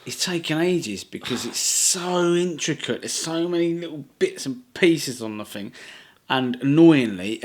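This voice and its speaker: Easygoing guy, mid voice, joking around with his mate on a vlog. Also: mid-range voice. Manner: jokey, laid-back, bantering. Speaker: channel co-host. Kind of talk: casual chat.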